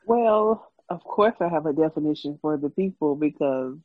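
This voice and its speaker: A woman's voice: deep voice, animated, moderate pace, husky, no room sound. A woman co-hosting a podcast in casual chat, with wry emphatic asides. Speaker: podcast co-host. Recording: dry, muffled video-call audio.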